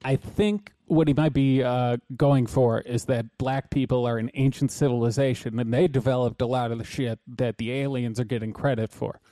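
A man co-hosting a casual talk show, trading dry, sardonic remarks. His voice is mellow and dark, recorded close up and dry with no room sound. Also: medium pitch, fairly even intonation, normal speed, few pauses, no echo. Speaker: podcast co-host. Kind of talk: casual chat.

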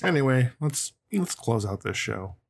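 A man's voice: medium pitch, big pitch swings, a little slow, vocal fry. A tipsy man co-hosting a podcast, teasing his co-host in casual chat. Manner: playful, teasing.

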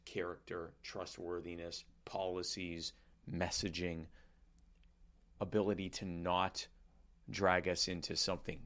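A man with a very low, deep voice, talking casually on a podcast. He rants in an emphatic, sardonic way, piling up his points. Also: fairly bright tone. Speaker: podcast co-host. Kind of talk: casual chat.

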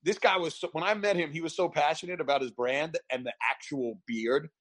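Animated man telling stories. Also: a little high, fairly quick. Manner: animated storyteller, laughs often, acts out quotes. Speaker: guest, barber event founder. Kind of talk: casual storytelling chat.

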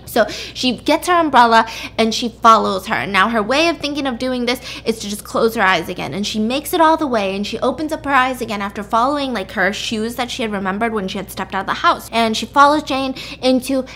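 A woman's voice: a little high, lively intonation, fairly quick, hardly any pauses, fairly bright tone. A woman podcast host retelling a story in casual chat, peppering it with "like" and "freaking". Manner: chatty, lots of "like" and "freaking".

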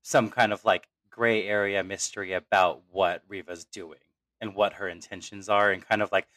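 A man's voice: deep voice, little pitch movement, normal speed, bright, forceful tone, no room sound. A man co-hosting a podcast roundtable, talking in a rambling, emotional way and laughing often. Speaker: podcast co-host. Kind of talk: casual roundtable chat.

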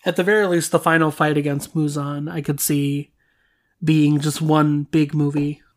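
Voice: medium pitch, level tone, moderate pace. A podcast host talking casually and speculatively, with lots of fillers. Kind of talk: casual chat.

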